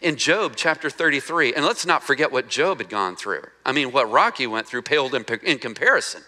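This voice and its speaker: A male pastor delivering a sermon with a bright, forceful tone. He preaches in a conversational way, putting rhetorical questions to the congregation. He acts out the lines he quotes and goes quieter and slower when reading scripture. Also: mid-range voice, animated.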